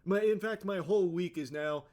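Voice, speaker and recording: Young man, live streamer, high-pitched, sarcastic and profane while reading posts aloud. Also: normal speed, a little mellow. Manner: sarcastic, swearing. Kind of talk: reading a post aloud and reacting.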